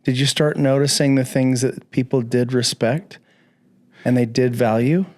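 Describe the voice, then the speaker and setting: A man's voice: medium pitch, steady tone, moderate pace, a little mellow, dry recording. A man hosting a podcast, speaking reflectively and asking thoughtful questions in a casual interview. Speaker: podcast host. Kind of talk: conversational interview.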